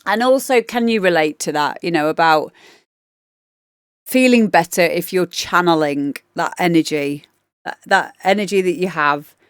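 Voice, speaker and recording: A woman's voice: lowish voice, moderate pace, clear, resonant tone, no echo, studio quality. A woman DJ hosting a livestream, chatting casually and rambling with lots of fillers as she gives feedback on demos. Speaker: DJ and livestream host.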